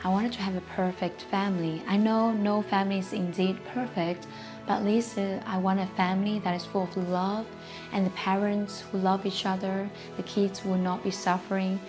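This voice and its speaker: A woman CEO telling a personal childhood story, earnest and halting, with emotion in her voice and non-native phrasing. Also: medium pitch, level tone, over music. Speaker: company CEO.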